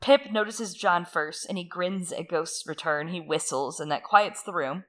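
A woman co-hosting a podcast, recapping a book in casual chat with animated, jokey asides. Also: fairly low pitch. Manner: animated, chatty, quick asides and jokey quoted voices. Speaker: podcast co-host.

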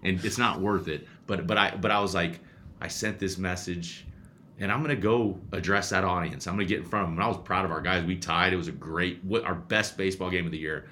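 Deep-voiced and talking a little fast, a man who coaches youth baseball tells stories in casual conversation. He's animated but keeps restarting and repeating himself, and slight background noise is audible.

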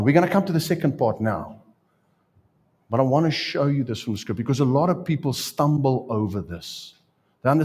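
Husky man preaching. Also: mid-range voice, darkish tone. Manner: preaching, asks the congregation questions. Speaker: pastor. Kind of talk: sermon.

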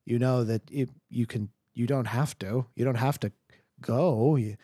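Man as bumbling husband, stammers and trails off, slow. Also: medium pitch, mellow, no room sound, studio quality, natural voice. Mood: awkward. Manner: hesitant, stammering. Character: fumbling, awkward husband.

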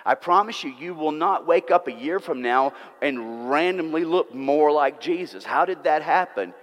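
A man's voice: on the high side, expressive, normal speed. A man preaching a sermon, earnest and emphatic, repeating words for stress. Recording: long reverb of a church hall.

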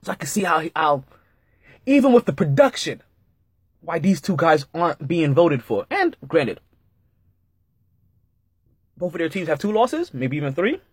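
A man with a husky, fairly high voice hosts a sports podcast in a loose, chatty way. His pitch leaps up and down as he repeats himself and throws in jokes. The sound is dry and close. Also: moderate pace, pauses often, dry recording. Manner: animated, repeats himself, jokey asides. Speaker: podcast host. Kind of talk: casual sports podcast monologue.

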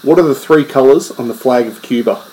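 A man's voice: mid-range voice, brisk, a little mellow. A young man co-hosting a casual podcast quiz, laughing often and mocking himself. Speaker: podcast co-host reading quiz questions. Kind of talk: casual chat. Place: outdoors at night with crickets. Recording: noisy outdoor recording with crickets.

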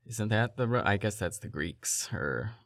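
A man hosting a podcast, telling stories in an animated, incredulous way in casual chat. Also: on the low side, unhurried, no room sound, clean studio sound. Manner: animated, incredulous, laughing storyteller. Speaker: podcast host.

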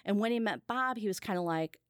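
A woman host recounts a story in a lively, animated manner, slipping into quoted voices along the way. Her voice sits at a middle pitch. The recording is dry and close. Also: quick pace, no room sound. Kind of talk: casual chat.

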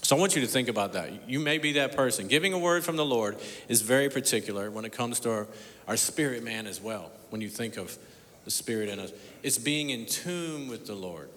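A man preaching a sermon as pastor, telling a story, dropping to a hush and then rising loud and emphatic. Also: medium pitch, animated, brisk, a little hiss or hum. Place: church sanctuary. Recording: long hall reverb.

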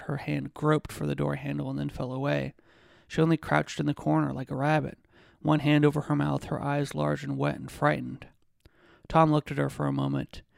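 A man, a podcast host, reading a novel excerpt aloud at a measured pace, with occasional restarts. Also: a little high, vocal fry, no echo, clean studio sound.

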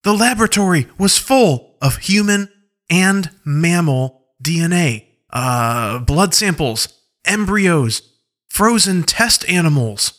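A man's voice: high-pitched, expressive, slow, a bit bright, pitched above the performer's own voice, exaggerated voice. Man doing a squeamish, stammering space explorer. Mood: stunned. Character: shaken human explorer, squeamish and blunt.

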